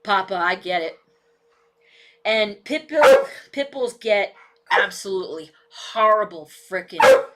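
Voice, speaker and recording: A woman's voice: mid-range voice, very noisy. A woman live-streaming casual commentary from a cluttered home room on a desk mic, blunt and swearing often. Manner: blunt, heavy swearing, talks back to her dog. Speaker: political live-stream vlogger. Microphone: desk microphone with camera. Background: dog barking and moving.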